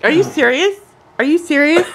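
A woman's voice: high-pitched, expressive, normal speed, very noisy. A woman co-hosting a home vlog, telling a story in casual chat and giggling often. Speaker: vlog co-host.

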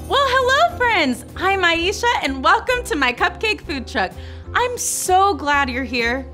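Young woman host of a preschool Bible show, high, sunny voice, unhurried and playful, light music underneath. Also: very animated, sharp tone. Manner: exaggerated, playful, cheering on young children.

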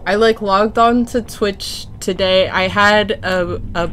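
A young woman streaming a game from home, chatting casually and telling a story with giggles and lively quoted voices. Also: medium pitch, slow pace, slight background noise. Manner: chatty storyteller, giggly, animated when quoting people. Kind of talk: casual gameplay chat.

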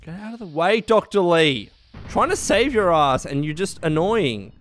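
A young man giving exasperated, profane commentary while playing a video game, often shouting at enemies. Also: high voice, animated, normal speed, slight background noise. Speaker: let's play gamer. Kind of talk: gameplay commentary.

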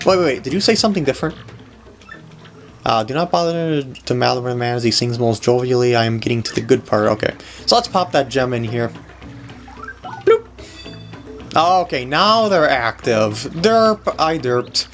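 A man's voice: medium pitch, animated, a little slow, pauses often, faint music behind. A man hosting a video game walkthrough, chatting casually and jokily while he plays, laughing often. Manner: playful, jokey, laughs often. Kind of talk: casual gameplay commentary.

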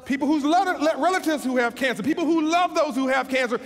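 A man giving an inspirational keynote speech in an event hall, telling stories with emphatic, slowed phrases and frequent restarts. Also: extremely high pitch, lively intonation. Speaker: keynote speaker. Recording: long reverb of a large hall.

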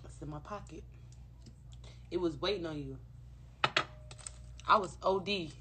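Speaking at a measured pace in a fairly low voice, a female rapper chats loosely and profanely with fans on a livestream. It was recorded on a phone, and the background is noisy.

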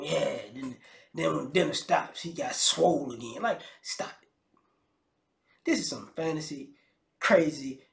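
A man's voice: sits high, vocal fry. A man giving a casual comedic rant on video, mocking and incredulous, often laughing and stumbling over repeated words. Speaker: commentary vlogger. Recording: roomy echo.

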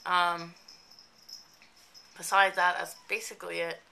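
A woman's voice: fairly low pitch, level tone, unhurried, vocal fry, bright, forceful tone, smooth. Stuffy-nosed young woman, chatty vlog. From New Jersey. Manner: chatty, rambling with many fillers. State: stuffy nose, slightly raspy. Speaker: makeup vlogger. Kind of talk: casual vlog update.

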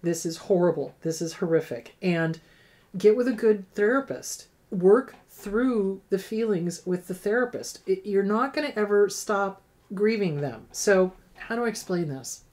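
A woman's voice: mid-range voice, lively intonation, unhurried, a little mellow. A middle-aged woman therapist hosting an advice show, answering viewer questions in a frank, emphatic way that repeats key points.

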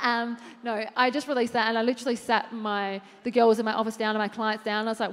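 Her fairly high voice stays steady as she talks fast with few pauses. She's a fitness trainer being interviewed live on stage before an audience in a big event hall, modest and heavy on fillers, and the recording has long hall reverb.

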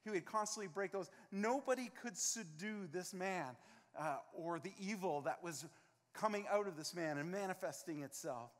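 A man's voice: high-pitched, moderate pace, in a large hall. A man preaching a sermon as pastor, earnest and emphatic, acting out scenes from the text. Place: church sanctuary.

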